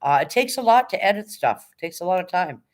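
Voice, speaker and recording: A woman's voice: lowish voice, animated. Woman livestream host, chatty, encouraging, rattles off like an auctioneer when hyped. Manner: hyped, rapid auctioneer-like patter; chatty, encouraging, swears casually. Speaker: livestream host reading chat. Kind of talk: casual live-stream chat.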